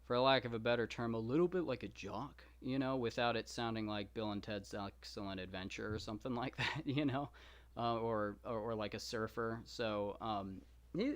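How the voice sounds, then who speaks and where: A man from Texas chats casually with his viewers and answers their questions. He rambles, fills pauses with asides, and pokes fun at himself. His pitch sits in a middle range. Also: clear, resonant tone. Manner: rambling, lots of fillers, self-deprecating asides. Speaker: podcast host reading the Iliad.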